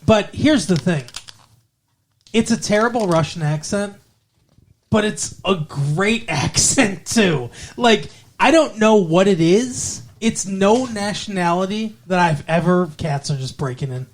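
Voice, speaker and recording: A man's voice: sits high, lively intonation, a little slow. Brief: male podcast co-host, chatty and digressive, trails off and self-corrects. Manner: rambling, digressive, corrects himself mid-sentence. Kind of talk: casual movie podcast chat.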